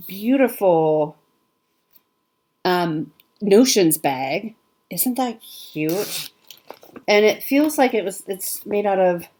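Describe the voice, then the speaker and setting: Slow, gushing woman vlogger. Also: on the low side, a little hiss or hum. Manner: gushing, delighted, often laughing softly. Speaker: cross-stitch vlogger. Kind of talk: casual unboxing chat to camera.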